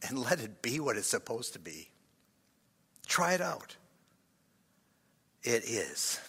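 An older man leads a meditative sermon, pacing himself slowly and sinking into breathy whispers between soft sighs. His tone is bright and his pitch moves a lot. The voice rings out with long reverb in a large church hall. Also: sing-song. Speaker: pastor.

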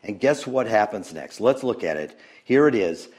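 A man preaching a sermon, swinging between loud emphatic bursts and hushed, near-whispered passages, with frequent chuckles and hesitant restarts. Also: on the low side, expressive, moderate pace. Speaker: pastor.

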